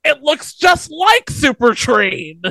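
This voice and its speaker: A matter-of-fact man co-hosting a podcast, his high voice moving in an animated way. He chimes in with plain facts, recorded close with a dry sound. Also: takes it slowly, gravelly, no room sound. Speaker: podcast co-host. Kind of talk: casual comedic commentary.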